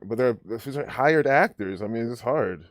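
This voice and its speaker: A man holds forth on his live stream in a loose, rambling rant, circling back on himself and restarting sentences. His voice sits at an ordinary male pitch, and the sound is dry and close with no room echo. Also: lively intonation, normal speed. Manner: rambling, ranting, many restarts. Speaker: livestream host. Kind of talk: casual live-stream commentary.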